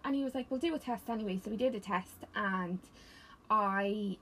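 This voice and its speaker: A woman's voice: medium pitch, fairly bright tone, slight background noise. A woman with a Dublin accent, co-hosting a casual chat and telling stories bluntly and with plenty of swearing. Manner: blunt, swears freely, tells stories fast. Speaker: podcast co-host.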